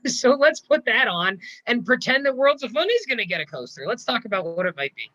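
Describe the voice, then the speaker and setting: A man co-hosting a casual podcast chat, talking in a quick, laughing way with stumbling restarts. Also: extremely high pitch, sing-song, bright, forceful tone, no room sound, muffled recording. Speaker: podcast co-host. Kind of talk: casual chat about roller coasters.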